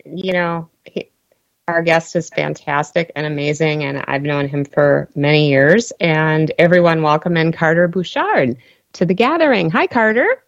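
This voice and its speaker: A woman's voice: sits low, normal speed, creaky, no echo. A woman hosts with eager enthusiasm, affirming everything that is said. The recording is dry and close, with a slightly dull tone. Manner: enthusiastic, affirming, says "awesome" a lot. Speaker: host. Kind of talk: casual chat.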